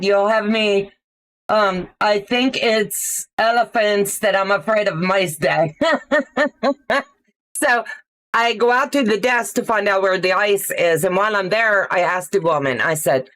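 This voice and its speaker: A woman's voice: mid-range voice, unhurried, fairly bright tone. A middle-aged woman hosting a live stream, telling a story in a chatty way, laughing often and greeting viewers by name. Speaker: livestream host. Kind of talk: casual storytelling livestream.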